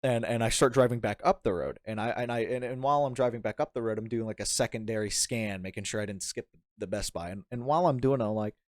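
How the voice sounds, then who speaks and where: Speaking fast with hardly any pauses, a young man with a fairly low voice rambles through a story as a podcast guest in casual chat. He laughs a lot and acts out quoted lines, and the studio-quality audio carries no room sound.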